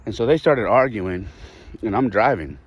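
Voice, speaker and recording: Deep-voiced man telling a personal story. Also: animated, normal speed, breathy edge. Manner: candid, reflective, with restarts and sighs. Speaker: podcast host.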